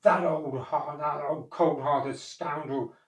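A man's voice: sits high, moderate pace, voice pushed up, natural voice. A man reading a storybook, voicing a distraught old man who cries out, pleads and scolds. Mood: scornful. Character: distraught old man, a wizard-like master, grumpy. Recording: echoey room, far from mic.

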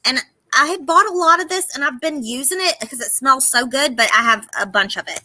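A woman's voice: high-pitched, a little fast, bright, forceful tone, no room sound, low-quality recording. A woman with a Southern US accent hosting a live-stream auction, chatting casually while she reads out and counts the items in a lot. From Southern United States. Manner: chatty, laughing, reading out product names.

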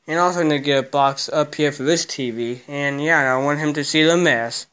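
A man's voice: on the high side, normal speed, a bit bright, smooth. A young man grumbling and swearing through a casual vlog while he cleans a cluttered bedroom. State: out of breath. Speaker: vlogger.

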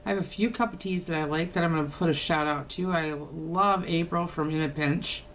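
A woman's voice: low-pitched, a little fast, a bit bright, a little hiss or hum. An older woman, chatting casually to camera at home in a teasing, folksy way. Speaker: haul vlogger. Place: home, indoors.

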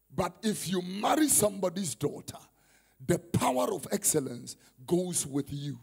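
A man with a Ghanaian accent preaching a conference sermon, mixing Twi and English and bursting into shouts. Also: high-pitched, creaky, slightly rough. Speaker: prophet. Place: conference hall.

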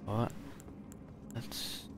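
A man giving casual, excitable commentary while he plays a video game, swearing and talking to himself. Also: extremely slow, noisy background. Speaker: gaming video creator. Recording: game music playing behind.

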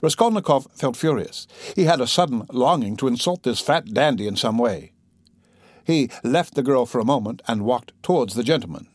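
A man's voice: mid-range voice, animated, normal speed, no room sound, clean studio sound. Man narrating a classic novel. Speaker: audiobook narrator.

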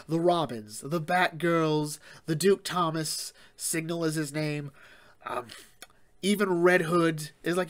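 A man hosting a casual comic book talk show, recapping the story in an animated, rambling way and acting out characters' lines. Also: high-pitched. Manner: animated, acts out characters' lines in quick voices; laughs often, rambling with fillers. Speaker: comic book podcast host.

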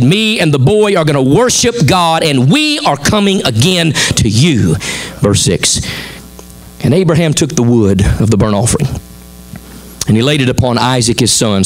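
A middle-aged man with a Southern American accent, preaching a sermon as pastor, folksy and animated, acting out the people in the story in quick voices. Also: mid-range voice.

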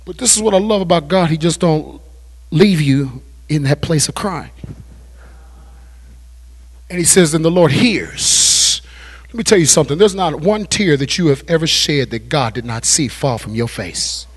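A man preaching a sermon as pastor at a Bible study, repeating phrases and building to shouted climaxes. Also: on the high side, normal speed, slightly rough. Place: church.

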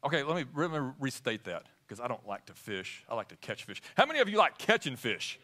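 A man's voice: mid-range voice, sing-song, fairly quick, sharp tone. A man preaching a sermon in church, asking the congregation questions as he talks. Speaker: pastor. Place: church sanctuary.

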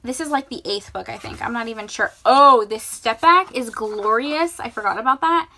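A woman's voice: fairly high pitch, moderate pace, bright, forceful tone. A young woman vlogging casually about books, gushing and chatty as she shows what she bought. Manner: bubbly, gushing. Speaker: book vlogger. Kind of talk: casual vlog chat.

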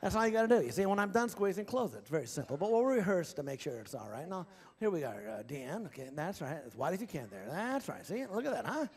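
A man's voice: high voice, big pitch swings, fast talker, darkish tone, slightly rough. A man hosting a ventriloquist stage show, folksy and teasing as he coaxes audience volunteers. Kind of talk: live stage comedy banter. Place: large theatre stage with audience.

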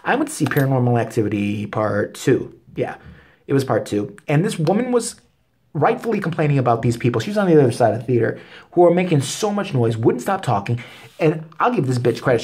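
Husky-voiced man on a profane rant. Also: medium pitch, sing-song, fairly quick, darkish tone. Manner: angry, expletive-heavy storytelling. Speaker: vlogger.

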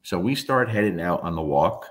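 Blunt low-voiced man in his fifties. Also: expressive, normal speed. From New Jersey. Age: 50s. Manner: blunt, emphatic, swears freely. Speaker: dog trainer. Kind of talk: casual storytelling monologue.

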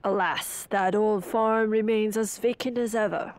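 A woman's voice: medium pitch, steady tone, measured pace, lightly acted. Woman putting on a formal male mayor. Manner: formal, old-fashioned speech. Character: pompous middle-aged male town mayor.

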